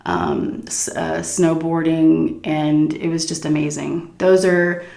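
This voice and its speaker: A woman's voice: deep voice, slow pace, vocal fry, darkish tone. A middle-aged woman answering viewer questions in a candid, crude, giggly chat. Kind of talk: casual Q&A chat. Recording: roomy echo.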